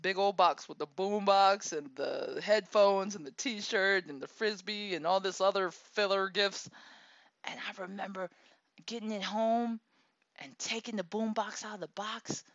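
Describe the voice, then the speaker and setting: A woman in her thirties telling a personal story in a casual, animated way, laughing often and acting out the people she quotes. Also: mid-range voice, a little slow, no echo. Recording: dull lo-fi dry recording.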